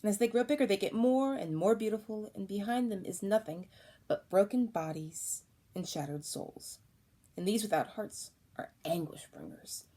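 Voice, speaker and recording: A sweet-seeming village midwife gives dark advice in a gentle, ominous tone, read by a woman. It is a storybook voice that stays measured and soft while it warns. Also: medium pitch, natural voice.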